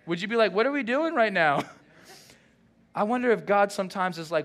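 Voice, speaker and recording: A man, the senior pastor, preaching a sermon and acting out lively dialogue. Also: high-pitched, normal speed, long pauses. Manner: animated preaching with acted-out dialogue.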